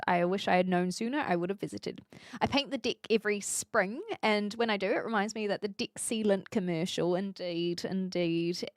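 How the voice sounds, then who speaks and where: A woman's voice: medium pitch, no room sound, studio quality. A woman from New Zealand with a Kiwi accent, chatting casually with viewers on a live stream, upfront and laughing often.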